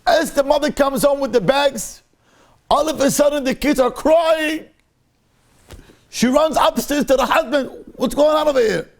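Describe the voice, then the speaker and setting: A rabbi teaching a Torah class with a very high voice for a man and a gravelly edge. He talks emphatically, circling back and repeating himself as he drives each point home. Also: a little slow, long pauses. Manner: emphatic, repetitive, mixes Hebrew into English. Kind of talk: Torah lecture.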